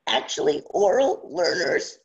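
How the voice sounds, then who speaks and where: A speaker in their sixties with a very scratchy, strained voice that keeps breaking, giving an online teaching presentation in halting phrases full of pauses and fillers. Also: mid-range voice, sing-song, vocal fry, breathy edge, dull audio. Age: 60s. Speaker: online instructor. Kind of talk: webinar presentation.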